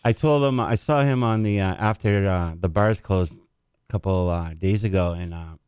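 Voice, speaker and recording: A man's voice: deep voice, moderate pace, darkish tone, clean tone, dry recording, clean studio sound. A man co-hosting a casual talk radio show, joking around and slipping into impressions. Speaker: radio co-host.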